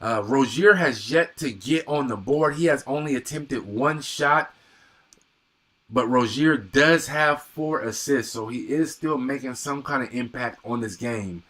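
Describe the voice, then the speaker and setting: Bright, slow-talking man calling a game. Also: mid-range voice. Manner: excitable, repeats exclamations, reads out viewer comments. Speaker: live stream sports commentator. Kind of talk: live game commentary and reaction.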